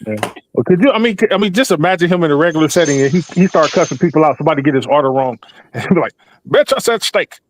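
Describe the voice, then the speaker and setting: Rambling older man with a higher voice. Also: lively intonation, very fast, slight background noise. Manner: rambling, joking, fond of impressions. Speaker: panel guest. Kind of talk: casual chat on a livestream.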